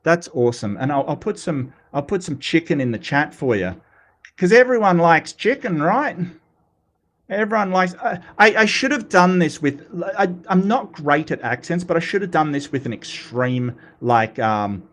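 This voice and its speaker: A man hosting a casual livestream, animated and self-mocking, often stumbling over his words. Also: on the high side, moderate pace, few pauses. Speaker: host.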